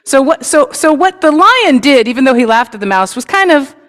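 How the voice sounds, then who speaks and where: Woman worship leader, somewhat high, friendly and chatty, on a mic in a reverberant sanctuary. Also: brisk. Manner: lively, chatty and inviting. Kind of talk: children's story in a service. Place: congregation sanctuary. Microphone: microphone.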